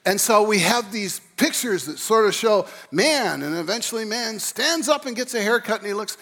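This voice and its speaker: A man with a high voice gives an informal lecture. He talks in a rambling, animated way, circling back with restarts and repeated words as he builds his point. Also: moderate pace. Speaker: speaker on creation and evolution.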